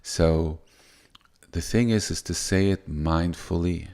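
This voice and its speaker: A man giving a gentle spiritual teaching in a soft, unhurried way that wanders and restarts. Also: low-pitched.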